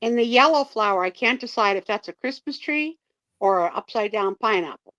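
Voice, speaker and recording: A woman's voice: fairly high pitch, expressive, brisk, a bit bright, no echo. Friendly woman co-host, lo-fi. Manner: friendly, greets viewers by name. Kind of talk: live sale chat. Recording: dull lo-fi sound.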